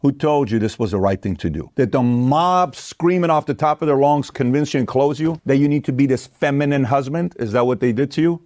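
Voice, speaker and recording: A man giving an opinionated, forceful monologue with rhetorical questions. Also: medium pitch, a little fast, few pauses, no room sound. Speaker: commentator.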